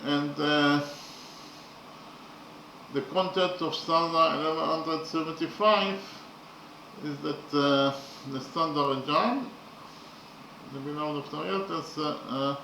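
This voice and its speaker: A man teaching in a slow, methodical lecture, often hesitating with fillers. His voice sits a little high and sounds bright. The room around him is echoey, with a faint hiss underneath. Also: creaky. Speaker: literature teacher.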